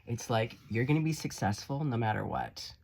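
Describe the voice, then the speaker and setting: A man's voice: medium pitch, moderate pace, gravelly, darkish tone. A man giving a casual tarot reading, blunt and profane, playful and encouraging as he talks the listener through the cards. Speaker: tarot reader.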